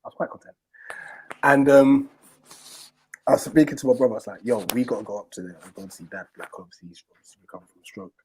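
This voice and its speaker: A man telling a long personal story in casual chat, animated and full of slang and fillers. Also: medium pitch, fast talker, long pauses, rough recording. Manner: animated, acts out quoted people in a raised voice. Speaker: stream host.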